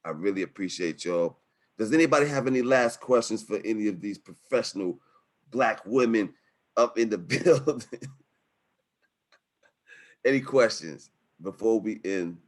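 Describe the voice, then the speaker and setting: A man hosting a webinar from home over a video call, wrapping up with energetic, slangy, emotional talk. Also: fairly low pitch, normal speed, pauses often. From New York City. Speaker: webinar host. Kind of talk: hyped-up casual webinar wrap-up. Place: home setup in Harlem.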